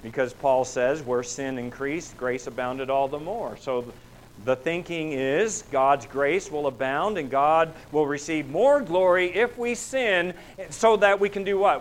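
A man's voice: fairly high pitch, measured pace, poor audio. A man preaching a sermon in a church, asking rhetorical questions and pushing his voice up for emphasis. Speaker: pastor.

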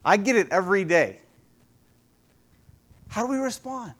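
A man with a high voice gives a relaxed, chatty sermon as a youth pastor. He keeps turning to the congregation with questions, speaking from a church. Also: a little slow. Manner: conversational, asks the audience many questions.

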